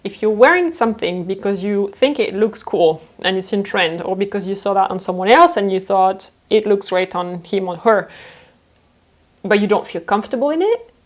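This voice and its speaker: A young woman from France, who speaks French as her first language, talks through viewer questions in a casual vlog. She is playful and quick to laugh. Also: mid-range voice. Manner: lively, laughs often, playful. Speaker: fashion designer and vlogger.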